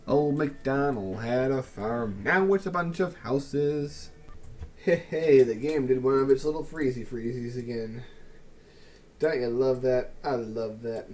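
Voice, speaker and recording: A man's voice: mid-range voice, a little slow, darkish tone. A man casually commenting on his city-building game in a wry, sarcastic, musing way. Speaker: let's play host.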